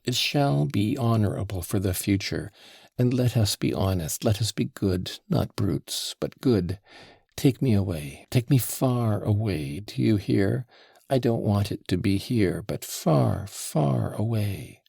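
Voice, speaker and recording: A man's voice: lowish voice, lively intonation, unhurried, gravelly, darkish tone, slightly rough, dry recording, clean studio sound, full character voice. A man voicing an impulsive, emotional young woman who is tipsy and pleading, in an audiobook reading. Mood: imploring. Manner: pleading, breathless.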